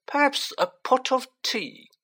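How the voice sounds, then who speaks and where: A portly, weary minister, as a male narrator puts him on, with a strained high voice and a testy, clipped officiousness. Every request lands pointedly, as if he is used to being obeyed. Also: expressive, slow pace, pushed and bright, exaggerated voice.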